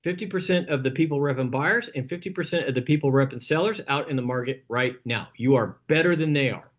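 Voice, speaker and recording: A man's voice: medium pitch, quick pace. A man leading a real estate team training, coaching in a punchy way and often checking in with "okay?". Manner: coaching, punchy, repeats "okay?" after points.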